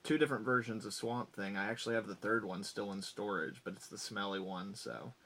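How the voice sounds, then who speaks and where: Excited man rattling off his collection. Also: lowish voice, fairly quick, a little hiss or hum. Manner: enthusiastic, rambling, rattles off items. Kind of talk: casual vlog showcase.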